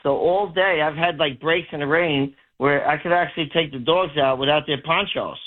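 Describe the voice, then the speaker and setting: A man's voice: on the high side, moderate pace. Chatty Brooklyn man on a tinny phone line. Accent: New York. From Brooklyn, New York. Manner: chatty, rambling storyteller. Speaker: caller. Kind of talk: casual call-in chat.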